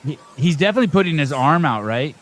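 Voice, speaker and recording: A man's voice: fairly high pitch, lively intonation, fast talker, fairly bright tone. A middle-aged man hosting a live call-in podcast, ranting bluntly and profanely with rambling restarts. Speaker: podcast host. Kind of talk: live call-in show commentary.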